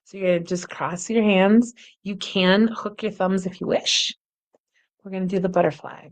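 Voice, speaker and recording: Soft-spoken woman guiding a meditation. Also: medium pitch, moderate pace. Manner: calm, gentle, often softly spoken. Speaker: meditation and wellness instructor. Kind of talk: guided meditation instruction.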